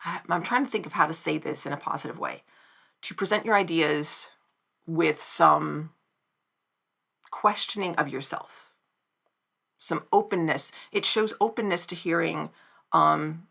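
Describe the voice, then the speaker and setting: A woman giving reflective commentary to camera, thoughtful and measured, pausing now and then to find the right words. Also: sits low, gravelly, pushed and bright. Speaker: video essayist.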